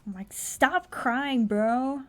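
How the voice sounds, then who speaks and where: A young woman streaming herself playing a text adventure, reading the story text aloud quickly and breaking in with blunt, incredulous asides and the odd swear. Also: high-pitched. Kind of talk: casual live-stream commentary, reading game text aloud.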